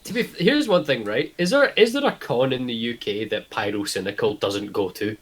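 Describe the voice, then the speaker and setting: A man co-hosting a podcast, chatting in an excitable way. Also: mid-range voice, fairly quick, slightly rough. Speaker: podcast co-host. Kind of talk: casual chat.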